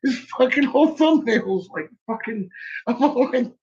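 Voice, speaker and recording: Husky guy cracking up nonstop, swears a ton, high lively voice, muffled lo-fi audio. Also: moderate pace. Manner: laughs constantly, heavy swearing. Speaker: livestream host. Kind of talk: rambling casual chat to viewers.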